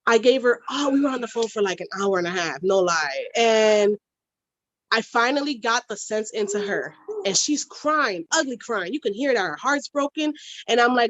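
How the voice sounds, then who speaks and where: A woman's voice: on the high side, animated, moderate pace. A woman co-hosting a casual chat, telling stories bluntly with slang and swearing. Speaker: podcast co-host.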